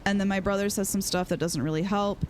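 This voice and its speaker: A woman's voice: medium pitch, fairly even intonation, fast talker, slight background noise. A woman streaming a video game, talking casually and reacting aloud as she plays. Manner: chatty, peppered with "like", reacts aloud to gameplay. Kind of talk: casual live-stream chat while gaming.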